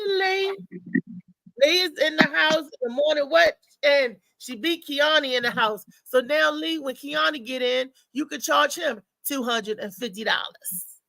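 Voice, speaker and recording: A woman hosting a live morning show, chatting loosely and talking straight to her viewers. Her voice sits a bit high and sounds bright and gravelly. It is recorded close and dry, with no room sound. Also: dry recording, low-quality recording. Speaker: host. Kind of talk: casual live show chat.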